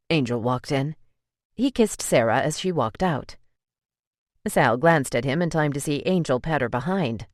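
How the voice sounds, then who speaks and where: An audiobook narrator with a middle-pitched voice, reading a romance novel in an even, measured way. The recording is dry and close, with no room reverb.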